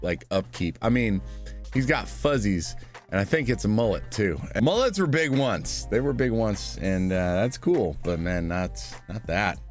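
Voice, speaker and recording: A sarcastic man talking through a reaction video in a low voice. His pitch jumps around a lot as he mocks, trips over restarts and scoffs. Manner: sarcastic, scornful, rambling with restarts. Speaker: reaction commentator. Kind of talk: mocking reaction commentary.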